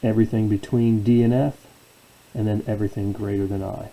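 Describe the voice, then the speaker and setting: A man's voice: fairly low pitch, flat delivery, fairly quick, dark tone, rough recording. A man teaching a calculus lesson as a professor, asking questions and answering them himself. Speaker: math professor. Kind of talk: calculus lecture.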